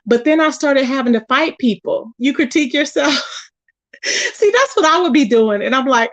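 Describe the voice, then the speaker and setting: A woman's voice: on the high side, moderate pace, no room sound. A woman hosting a casual live stream, chatting animatedly with her viewers and reading their comments aloud. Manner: chatty and animated, talks to chat, says "child" and "y'all". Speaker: YouTube live host.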